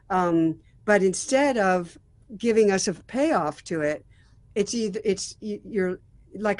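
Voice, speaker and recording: A woman's voice: on the low side, measured pace, a little mellow, no echo. A woman acting as a songwriting mentor, giving thoughtful feedback on a song draft with frequent restarts and fillers.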